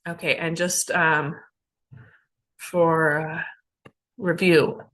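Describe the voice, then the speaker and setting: Woman, ESL teacher, phonics drill, very slow, bright tone, deliberate sound-by-sound. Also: sits low, level tone.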